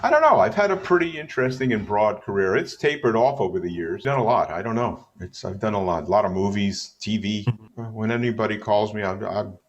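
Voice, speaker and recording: A man's voice: lowish voice, expressive, highs cut off. A man telling stories in a casual interview, chatty and joking, wandering from tale to tale. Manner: chatty, digressive, joking, does quick put-on voices in stories. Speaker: bassist guest.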